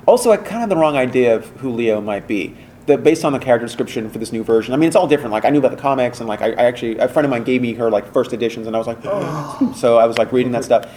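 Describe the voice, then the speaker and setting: A man being interviewed as a voice actor, chatting casually and telling animated stories with acted-out quotes and many fillers. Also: medium pitch, very fast, a little hiss or hum. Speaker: voice actor guest.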